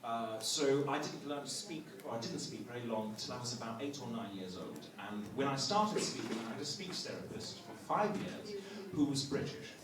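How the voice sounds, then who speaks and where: During a lively fan Q&A in a large convention hall, a voice actor from Texas, with no accent beyond neutral American, banters playfully and calls on fans. His mid-range voice is animated and at normal speed, picked up by a distant handheld phone in the audience amid echo and crowd noise.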